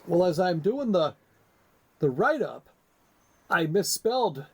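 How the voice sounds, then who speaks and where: A man co-hosting a casual comedy podcast, his voice a touch high and swinging widely in pitch. He rambles and teases, joking his way through each point. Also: very animated, a little slow, pauses often, breathy edge. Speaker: podcast co-host.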